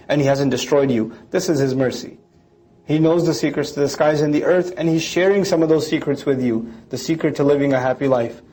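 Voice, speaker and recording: A male lecturer talks through scripture line by line at a brisk, rapid pace. His voice sits fairly high. He slips into quick mocking impressions of critics as he goes. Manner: animated, explains line by line, mimics critics in quick asides.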